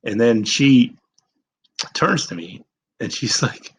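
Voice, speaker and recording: A man's voice: mid-range voice, expressive, slow, slight background noise, poor audio. A young man telling a personal story in a rambling, self-deprecating way, swearing freely. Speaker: vlogger. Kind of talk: casual storytelling.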